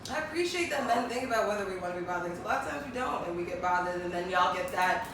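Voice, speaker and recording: A woman's voice: mid-range voice, expressive, fast. A woman singer chatting playfully as an interview guest, laughing and acting out little quotes. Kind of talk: casual interview chat. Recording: echoey room, distant mic, noisy.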